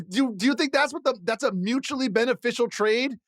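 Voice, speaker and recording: A man co-hosting a sports podcast, talking casually in an animated, disbelieving way and laughing through his rants. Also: extremely high pitch, brisk, hardly any pauses, dry recording, studio quality. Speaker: podcast co-host.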